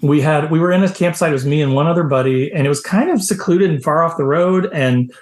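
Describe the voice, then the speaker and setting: A middle-aged man from the Midwest, a podcast guest telling lively anecdotes in casual conversation. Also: a little high, fast. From American Midwest. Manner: animated, lively anecdotes with quoted voices. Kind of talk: casual storytelling. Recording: echoey room.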